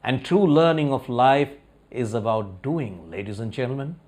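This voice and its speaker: A man's voice: mid-range voice, expressive, normal speed, darkish tone. A man giving a motivational talk, telling a story and putting rhetorical questions to his audience. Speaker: motivational speaker.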